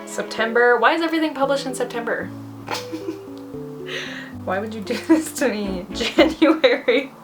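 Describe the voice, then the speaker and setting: A young woman talking casually on her own book vlog, animated and often laughing as she talks to herself. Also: fairly high pitch, moderate pace, long pauses, over music. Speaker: booktuber.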